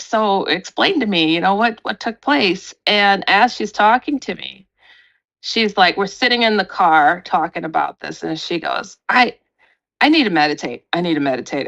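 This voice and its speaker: A middle-aged woman, a paranormal researcher and radio host, telling a story in an animated way, acting out quotes with big jumps in pitch. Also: gravelly, muffled recording.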